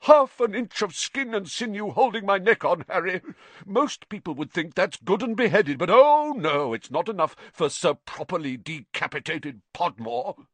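A man's voice: mid-range voice, unhurried, few pauses, no room sound, voice pushed up, close to an everyday voice. A man voicing a theatrical, old-fashioned aristocratic male ghost in an audiobook, with plummy and indignant outbursts. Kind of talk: audiobook character voice.

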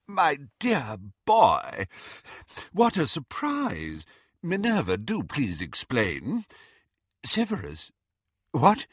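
A man voicing a large, jovial older male professor who is out of breath, speaking in a fussy, drawn-out way. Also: on the high side, wildly swooping pitch, husky, no echo, studio quality, full character voice. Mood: breathless.

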